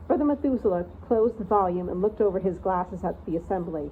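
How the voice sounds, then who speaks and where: A woman narrating a storybook aloud in an expressive read-aloud style. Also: mid-range voice, brisk, hardly any pauses. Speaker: reader of a channel read-aloud. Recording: tinny phone-like sound, faint hiss.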